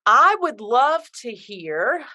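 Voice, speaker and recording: A woman's voice: on the high side, big pitch swings, takes it slowly, bright, forceful tone. A woman hosting a podcast interview, upbeat and friendly as she asks questions. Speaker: podcast host. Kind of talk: casual interview.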